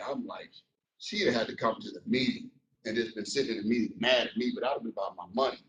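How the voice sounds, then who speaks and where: A man leading a motivational business training session, animated and preachy, talking straight to a room of listeners. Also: mid-range voice, quick pace. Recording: echoey room from far off.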